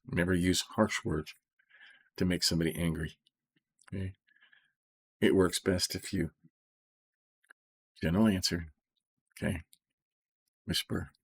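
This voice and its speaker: A middle-aged man reading scripture and explaining it in an informal, soft-spoken way, often checking in with "okay?" and slowing down on key phrases. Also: low voice, fairly even intonation, creaky, husky. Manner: slows right down to stress key phrases. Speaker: Bible study teacher.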